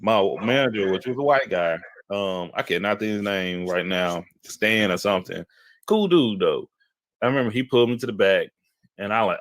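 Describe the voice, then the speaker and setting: A young man tells a story in a rather low voice. He acts out the people in it as he goes, and the recording is close and dry. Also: brisk, no room sound. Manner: animated storyteller who acts out quotes. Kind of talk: casual storytelling chat.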